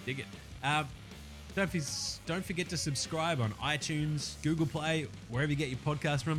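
A man with an Australian accent and a hoarse, sore throat, chatting casually as a podcast host and swearing freely. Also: fairly high pitch, fairly bright tone. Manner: brisk, swearing, slangy chat.

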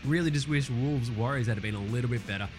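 Profane, ranting Australian sports host. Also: male voice, medium pitch, fast talker, over music. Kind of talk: casual sports recap commentary.

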